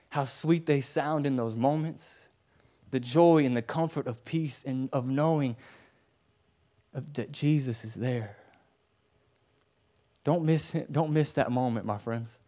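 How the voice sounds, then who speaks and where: A man preaching a sermon, earnest and repetitive, building up and then dropping to soft, hushed tones. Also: fairly high pitch, a little slow.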